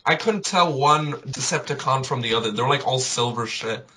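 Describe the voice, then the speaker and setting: A man's voice: mid-range voice, moderate pace, a crowd in the background. A man co-hosting a podcast, chatting casually and joking loosely, trailing off his thoughts. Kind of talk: casual chat.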